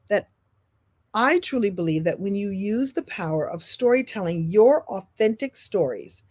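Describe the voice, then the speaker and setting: A woman hosting a live-stream coaching talk. She is expressive and animated, leaping from loud, high bursts down to soft, low asides and repeating phrases for emphasis. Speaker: speaker and business coach.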